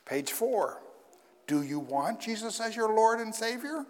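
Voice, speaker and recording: A man's voice: sits high, lively intonation, a little slow. A man preaching a sermon as pastor in a conversational way, with wry asides. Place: church sanctuary. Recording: long hall reverb.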